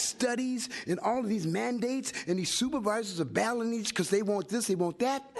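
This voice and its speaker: A man's voice: sits high, animated, normal speed, few pauses. An older man and community activist giving fiery public comment at a city hearing, emphatic and rhyming like a preacher. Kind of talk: impassioned public testimony.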